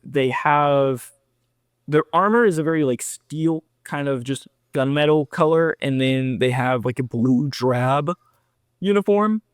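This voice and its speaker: A man's voice: medium pitch, measured pace, clean tone, no room sound. Young man, co-host, casual hobby chat, loose filler-heavy delivery, dry close recording. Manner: relaxed, loose, with many fillers. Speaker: podcast co-host.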